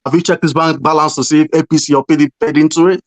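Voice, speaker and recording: A man's voice: a little high, fairly even intonation, rapid-fire. Insistent man arguing back. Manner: insistent, questioning, exasperated. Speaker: panel debater. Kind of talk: heated political argument.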